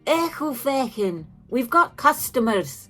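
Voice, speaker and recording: Woman doing a gruff Scottish dwarf shopkeeper, Grindal. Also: high-pitched, very animated, takes it slowly, soft background music, pitched above the performer's own voice, heavily acted. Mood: gruff bellowing. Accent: put-on Scottish. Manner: gruff, shouting. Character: gruff red-bearded male dwarf shopkeeper.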